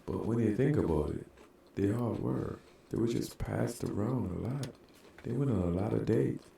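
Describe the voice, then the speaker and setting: Joking man, low gravelly voice. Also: moderate pace, dark tone, heavy reverb, far from the mic, a little hiss or hum. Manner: joking, laughs often, blunt opinions. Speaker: podcast co-host. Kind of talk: casual chat.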